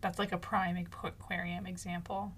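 A woman's voice: fairly low pitch, little pitch movement, fairly quick, fairly bright tone, a little hiss or hum. A woman co-hosting a podcast in casual chat, chiming in with teasing side comments. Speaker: podcast co-host.

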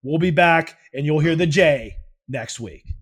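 Male podcast co-host, fairly high voice; casual, excitable, profane banter. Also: unhurried, slightly rough. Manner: excitable, laughs often, swears freely. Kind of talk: casual comedic podcast chat.

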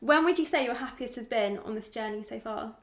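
A woman's voice: fairly high pitch, a little fast. A young woman hosting a casual chat, enthusiastic and talkative, full of fillers. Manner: chatty, enthusiastic, lots of "like". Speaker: podcast host. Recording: echoey room.

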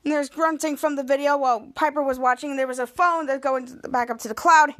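A woman's voice: high-pitched, fairly even intonation, quick pace, fairly bright tone. A woman podcast host recapping a TV episode in a rambling way, repeating herself and restarting often.

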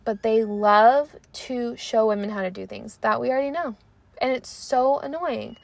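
This young podcast host, a woman in her twenties, speaks at a moderate pace in a slightly high, creaky voice, captured in a dry recording. Her chat is casual and animated, peppered with "like" and thoughts she never quite finishes.

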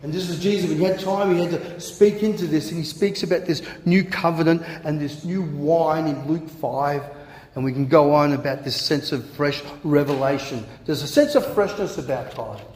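A man's voice: fairly high pitch, moderate pace, slight background noise. Man preaching in an echoey hall. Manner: animated, conversational, repeats words and acts out quotes. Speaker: pastor. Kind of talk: sermon. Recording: echoey hall with long reverb.

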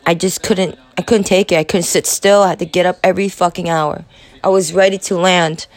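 A young woman in her twenties hosts a podcast, telling a personal story in a halting, profane confessional monologue. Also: fairly low pitch, steady tone, no room sound. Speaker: podcast host.

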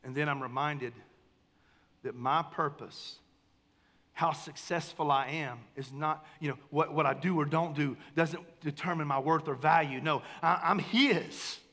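A man preaching a sermon as pastor, talking with the congregation, calling for amens and swinging between hushed and emphatic lines. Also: a little high, fairly even intonation, a little slow. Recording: long hall reverb.

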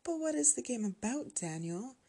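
A woman's voice: on the low side, normal speed, lightly acted. A woman reading a horror story voices a cruel female vampire cult leader who coos with menacing glee. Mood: cooing. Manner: cooing, gleeful, menacing.

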